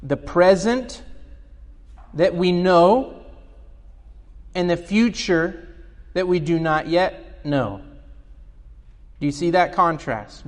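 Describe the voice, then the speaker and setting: Slow, earnest preacher in a hall. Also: male voice, sits high. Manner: earnest, explanatory, asks the congregation questions. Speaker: pastor. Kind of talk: sermon.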